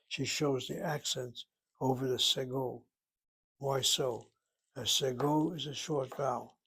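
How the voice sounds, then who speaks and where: A man with a mid-range, slightly breathy voice teaches a Hebrew lesson from a textbook. It's a self-study lesson read from the book, and he thinks aloud, asks himself questions and spells words out.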